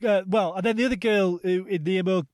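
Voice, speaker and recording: A man in his thirties co-hosting a comedy podcast, telling animated stories and swearing freely. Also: sits high, fast, no echo, clean studio sound. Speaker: podcast co-host. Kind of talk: casual comedic chat.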